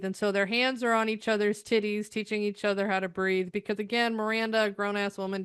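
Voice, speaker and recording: A woman's voice: mid-range voice, fairly bright tone, clear, resonant tone, dry recording, studio quality. A middle-aged woman from the United States, ranting sarcastically through a TV episode review, exasperated and rambling.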